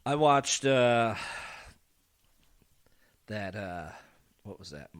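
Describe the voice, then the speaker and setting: A man's voice: fairly low pitch, expressive, extremely slow, smooth. A man co-hosting a podcast, chatting casually with short, laid-back replies. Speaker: podcast co-host. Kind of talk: casual chat.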